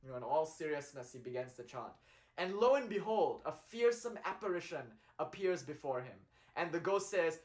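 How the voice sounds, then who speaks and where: A man's voice: a little high, lively intonation, moderate pace. A man telling a spiritual story in a casual, chatty way, with many fillers and laughing asides. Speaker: spiritual speaker.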